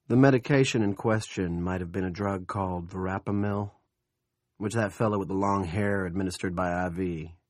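Husky low guy reading a gritty audiobook, dry close sound. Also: a little mellow, dry recording. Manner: gritty, swings into gruff character dialogue. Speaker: audiobook narrator. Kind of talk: scripted narration with character voices.

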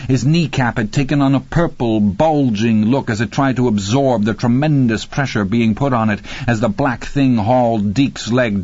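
A man narrating a horror audiobook in a measured, grim, deliberate way. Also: mid-range voice, a little mellow, no room sound. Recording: dry, slightly muffled studio read.

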